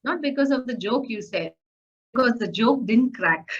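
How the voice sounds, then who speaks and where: A woman's voice: on the high side, lively intonation, normal speed, husky. A woman teaching public speaking in a recorded lecture, asking rhetorical questions and often using fillers. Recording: slightly dull lo-fi audio.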